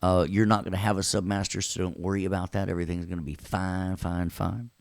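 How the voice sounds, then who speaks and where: Low-voiced joking Nashville instructor. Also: male voice, level tone, fairly quick, gravelly, no echo. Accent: Southern US, Nashville. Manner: joking, chatty, talks to students. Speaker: audio workstation instructor. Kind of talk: recorded class lecture with jokes.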